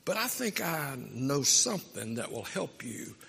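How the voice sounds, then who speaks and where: A man's voice: medium pitch, sing-song, measured pace, vocal fry, pushed and bright, husky, long reverb tail, full character voice. A man playing a proud, plainspoken working-class upholsterer in a told story, with an earnest, matter-of-fact manner.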